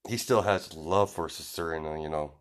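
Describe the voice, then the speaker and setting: A man's voice: very deep voice, brisk. A man casually improvising a fan story, rambling with lots of fillers and frequent chuckles.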